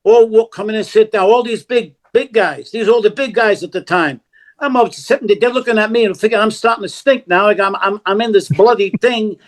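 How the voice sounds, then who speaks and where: An older man tells a story as a podcast guest, with a voice set high for a man. He talks bluntly and often swears. He acts out every line of dialogue in the story. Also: a little fast. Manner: animated, acts out quoted dialogue, blunt and profane. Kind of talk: casual storytelling.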